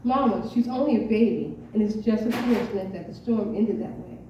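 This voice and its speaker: A woman's voice: medium pitch, a little fast, mellow, a little hiss or hum, close to an everyday voice. Woman voicing a fed-up young mother, pleading, raised voice, storytelling, muffled, far from the mic. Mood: pleading, exasperated. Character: exasperated young mother pleading with her own mother. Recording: echoey dull room from far off.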